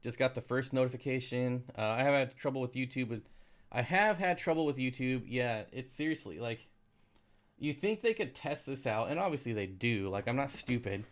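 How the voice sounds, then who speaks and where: A man's voice: medium pitch, lively intonation, normal speed. Man, live stream host, casual rambling talk, sarcastic, grumbling. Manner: rambling, sarcastic, easily frustrated. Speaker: aquarium channel live streamer. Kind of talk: casual live stream chat reading comments.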